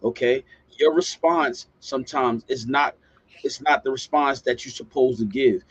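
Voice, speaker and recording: A man's voice: medium pitch, measured pace, breathy edge, no room sound, muffled recording. A man on a podcast giving firm advice in a coaching manner, telling his friend to listen. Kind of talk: casual podcast chat.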